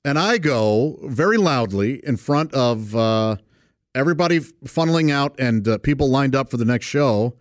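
Rambling, laughing comedian telling a story. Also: male voice, mid-range voice, expressive, normal speed, no echo, studio quality. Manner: rambling, many fillers, laughs while telling. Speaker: stand-up comedian, guest. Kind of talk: casual storytelling.

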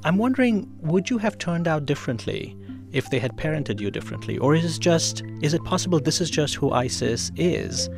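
A male radio host with a lively, rising-and-falling delivery, narrating in a measured storytelling way. He puts gentle, probing questions to his guest while soft music plays underneath. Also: fairly high pitch, vocal fry. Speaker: host and interviewer. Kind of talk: scripted radio narration and interviewing.

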